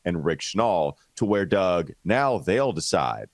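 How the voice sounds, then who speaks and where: Deep-voiced man hosting a sports podcast. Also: big pitch swings, slow pace, no room sound, studio quality. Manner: teasing, talkative, reads ad copy. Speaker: podcast host. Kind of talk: casual sports podcast chat.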